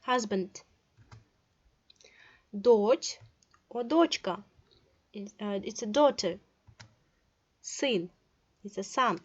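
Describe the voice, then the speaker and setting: A young Russian woman with a Russian accent gives a slow online language lesson in English, reading words aloud one at a time with short glosses and hesitant fillers. Her mid-range voice is expressive and a little breathy, very slow with frequent pauses, and the audio sounds dull.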